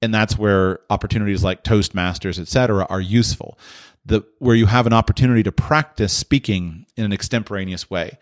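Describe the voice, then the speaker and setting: A man's voice: lowish voice, brisk. A man hosting a podcast, answering listener questions in a thoughtful, explanatory way with frequent restarts. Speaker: podcast host.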